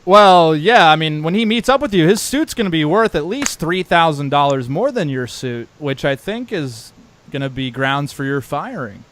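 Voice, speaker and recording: A man's voice: a little high, expressive, moderate pace, fairly bright tone. A man hosting a call-in talk show, joining in to mock someone in a casual, amused way. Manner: mocking, chuckling along with the caller. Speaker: show host.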